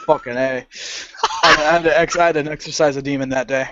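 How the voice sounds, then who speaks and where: A man's voice: a little high, fast, no echo. A man co-hosting a podcast, telling a long profane story in casual chat and acting out what people said. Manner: animated, profane, acts out quoted lines. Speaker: podcast co-host. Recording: dull lo-fi podcast audio.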